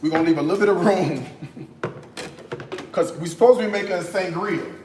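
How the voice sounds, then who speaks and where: American man, cooking show host, sassy live-stream chat, fairly high voice, echoing kitchen. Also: moderate pace, background noise. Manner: sassy and animated, tags lines with "okay?". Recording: roomy echo.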